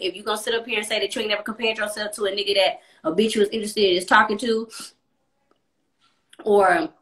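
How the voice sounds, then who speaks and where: Bright-voiced woman telling a blunt story. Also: mid-range voice. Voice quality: blunt, profane, chatty. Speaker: live streamer. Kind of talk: casual storytelling on a livestream. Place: apartment room at home.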